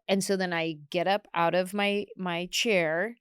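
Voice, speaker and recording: A woman comedian telling stories in a podcast interview, animated and acting out other people's lines. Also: fairly low pitch, a little slow, few pauses, smooth, dry recording, clean studio sound. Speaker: guest comedian. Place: podcast studio.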